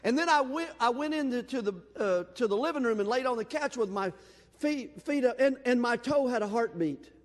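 A man preaches in a church sanctuary, his voice sitting very high for a man. He tells folksy, self-deprecating stories before turning to scripture. The sound trails off in a long hall reverb. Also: animated, a little fast. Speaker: pastor. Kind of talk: sermon with personal story.

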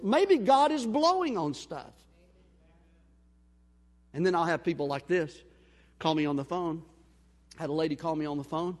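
A male pastor preaching a sermon, telling a story and acting out the dialogue, swinging between loud and quiet. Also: very high voice. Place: church sanctuary. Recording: long hall reverb.

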